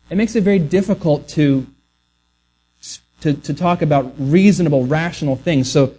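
A man's voice: on the high side, darkish tone. A man preaching a sermon earnestly, often restarting words and acting out the voices he quotes. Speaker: pastor.

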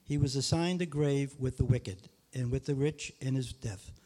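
A man reading a scripture passage aloud in a steady, measured way. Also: mid-range voice. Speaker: scripture reader.

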